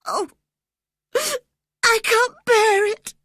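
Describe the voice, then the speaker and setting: A woman voicing a sickly, terrified teenage boy who sobs and pleads in a high, shaky voice. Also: extremely slow, bright, forceful tone, dry recording, studio quality, exaggerated voice. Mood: sobbing.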